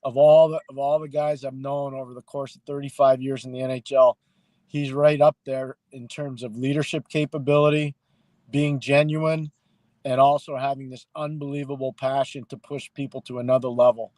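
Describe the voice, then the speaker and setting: A middle-aged man co-hosting a hockey podcast, talking casually and telling stories with lively acted-out quotes. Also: mid-range voice, moderate pace, no room sound. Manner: animated storyteller, acts out quoted people. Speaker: hockey analyst and podcast co-host.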